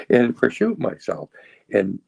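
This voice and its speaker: A man in his sixties from New England telling his recovery story in a halting, wry, self-mocking way. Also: medium pitch, sing-song, gravelly, darkish tone, husky, dry recording, low-quality recording. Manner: halting, restarts a lot. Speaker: recovery speaker.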